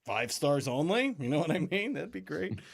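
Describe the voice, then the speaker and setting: A man's voice: fairly high pitch, big pitch swings, normal speed, creaky. A young man hosting a podcast in casual chat, jokey and emphatic as he presents. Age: young adult. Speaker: podcast host.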